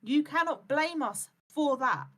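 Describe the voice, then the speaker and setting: A woman's voice: high-pitched, animated, unhurried, fairly bright tone. A woman streaming live, lecturing bluntly and swearing freely, and mimicking other people's words as she goes. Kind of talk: heated live-stream chat.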